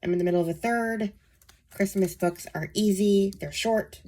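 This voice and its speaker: A woman hosting her book channel, sick and nasal, talking softly to save her voice, with frequent ums. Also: medium pitch, measured pace. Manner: soft-spoken, saving her voice, many ums. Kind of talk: casual book vlog.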